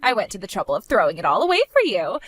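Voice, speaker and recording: A woman's voice: medium pitch, very animated, racing, fairly bright tone, dry recording, faint music behind, pitched below the performer's own voice. A woman voicing a spoiled, bratty young woman who taunts her older sister in a mocking, sing-song way. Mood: gloating. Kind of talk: animated story voice acting.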